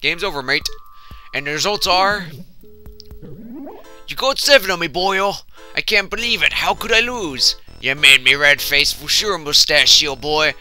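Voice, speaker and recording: A man's voice: fairly high pitch, animated, brisk, few pauses, bright, forceful tone, faint music behind, voice pushed up. A man voicing a boastful male ghost who collects jars, in a vague put-on accent, with a taunting manner. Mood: sore loser.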